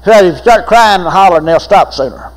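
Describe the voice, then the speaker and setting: High-voiced folksy preacher. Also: male voice, lively intonation, a little fast, poor audio. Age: older. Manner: folksy storytelling preacher with laughs and repeated phrases. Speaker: pastor. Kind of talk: sermon.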